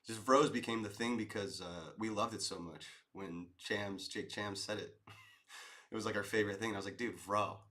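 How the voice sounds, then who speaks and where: His voice is fairly low and steady, bright and forceful, at normal speed. A man in his thirties, he streams live and casually rambles while replying to viewer comments, calling people "dude" and "man" a lot.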